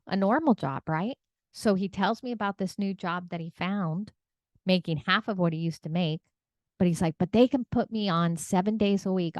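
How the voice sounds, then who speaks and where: A woman's voice: lowish voice, no echo. A middle-aged woman coach giving a teaching talk in an earnest, conversational way, often checking in with "right?". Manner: earnest, conversational, tag questions. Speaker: real estate coach.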